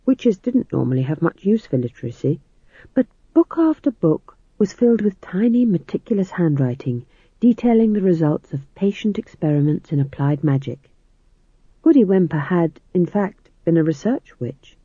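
Brief: wry audiobook narrator, animated pitch, dry phone-quality audio. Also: normal speed, slightly rough, dry recording. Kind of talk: scripted narration.

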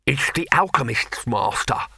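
A man's voice: medium pitch, lively intonation, unhurried, gravelly, sharp tone, breathy edge, no room sound, clean studio sound, exaggerated voice. A man doing a jittery, deferential bursar. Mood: anxious. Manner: anxious, deferential, panting. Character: nervous, fussy male college bursar.

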